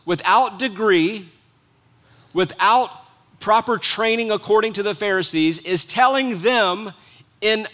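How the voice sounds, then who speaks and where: High, bright-voiced preaching man. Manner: earnest preaching, swings between soft hushed lines and rising emphatic ones. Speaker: pastor. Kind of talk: sermon.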